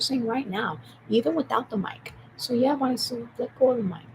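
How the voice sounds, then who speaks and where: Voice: mid-range voice, brisk, gravelly. Rambling monologue while typing, whispers and outbursts, emphatic repeats, noisy recording. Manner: swings between whispering and loud outbursts; repetitive, emphatic.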